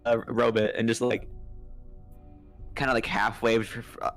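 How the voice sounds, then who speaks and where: A young man narrating as dungeon master, halting with many fillers and restarts. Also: mid-range voice, little pitch movement, fairly bright tone, faint music behind. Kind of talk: narrating a tabletop game over a voice call.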